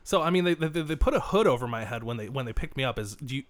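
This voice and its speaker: A man guesting on a comedy podcast, with a voice of everyday middle pitch. He fires playful questions and deadpan riffs in a loose, chatty way. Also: very fast, no room sound. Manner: playful, quizzing, deadpan bits. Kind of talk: comedic casual podcast chat. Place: room with a small live audience.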